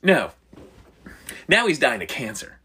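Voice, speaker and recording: A middle-aged man with a bright, forward voice tells stories with big swings in pitch. He swears constantly and acts out his own reactions as he goes. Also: huge pitch swings, unhurried, breathy edge. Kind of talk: casual profane banter.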